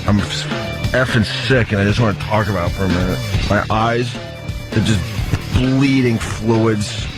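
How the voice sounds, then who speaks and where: A man's voice: on the low side, normal speed, over music. A man with a New York accent hosting a radio show, sounding sick and congested, teasing his co-host. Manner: teasing, mock-whiny, laughing. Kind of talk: casual radio banter.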